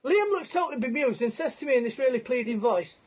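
High-voiced man on a muffled call. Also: lively intonation, fast, a little mellow. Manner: chatty, laughs through his story, self-mocking. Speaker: guest. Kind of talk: casual anecdote storytelling. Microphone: video call.

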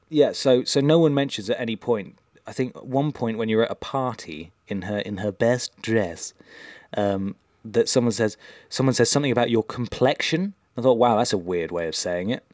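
A man's voice: lowish voice, a little mellow, dry recording, clean studio sound. A man co-hosting a podcast in casual chat, rambling and hesitant with lots of um and uh. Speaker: podcast co-host.

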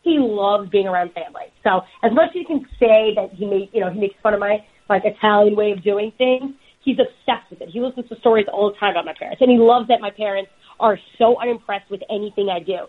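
A woman guest chatting casually on a podcast, laughing often and telling lively stories. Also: medium pitch, quick pace, breathy edge. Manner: laughing, animated storyteller. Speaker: podcast guest, football reporter. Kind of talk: casual chat. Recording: dull lo-fi sound.

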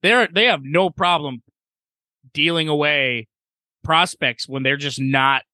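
A man co-hosting a sports podcast, talking in an excitable, casual way, swearing freely and repeating his points. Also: a little high, slow pace, dry recording. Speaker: podcast co-host.

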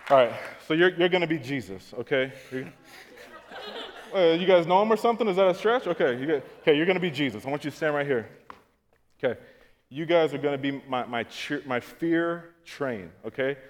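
A man preaching a sermon to his congregation, telling comic stories and acting out scenes, swinging from loud to quiet. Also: on the high side, lively intonation, brisk, big-room sound, a faint crowd. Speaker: pastor. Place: church auditorium, on stage.

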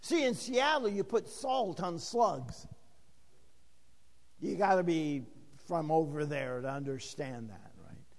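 A man's voice: on the high side, expressive, slow, big-room sound. An older man preaching a sermon, telling folksy stories and acting out the dialogue himself. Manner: folksy storytelling with acted-out dialogue. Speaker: pastor.

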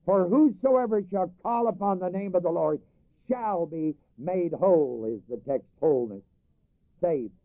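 The man preaches in a high-pitched voice with lively intonation and a slightly slow pace, with no room sound. He reads scripture in archaic King James wording, explains it, repeats phrases for emphasis, and lets the congregation complete his sentences, captured in a dry, phone-like recording.

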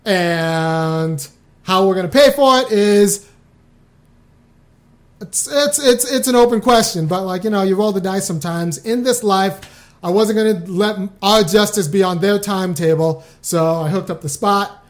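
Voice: medium pitch, normal speed. A talk show host on a live stream, chatting loosely with viewers and often breaking off to restart a thought.

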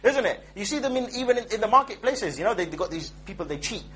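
Male preacher, high voice, chatty joking lecture style. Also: big pitch swings, fast talker, fairly bright tone, slight background noise. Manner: conversational, joking, keeps asking "yeah?". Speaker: Islamic preacher. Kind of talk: informal religious lecture.

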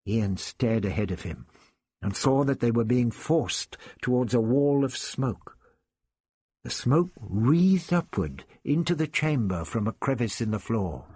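A man reading an adventure story aloud as narrator, steady and measured. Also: medium pitch, slightly rough, no echo. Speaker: audiobook narrator. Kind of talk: scripted narration.

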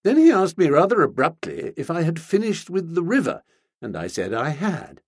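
A man narrating a comic novel in a wry, animated manner, recorded close on a studio mic. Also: a little high, normal speed, slightly rough, no echo. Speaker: audiobook narrator.

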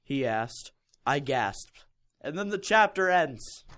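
A man's voice: medium pitch, sing-song, slow pace, fairly bright tone. Laughing, mocking young man. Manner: mocking, laughs often, puts on silly voices for quotes. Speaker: co-host reading a fan fiction aloud. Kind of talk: casual comedic chat and reading.

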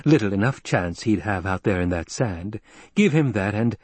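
Man doing a calm coaxing noblewoman, slow and low, husky edge. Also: no room sound. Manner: low, intimate, measured. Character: composed, persuasive captive noblewoman.

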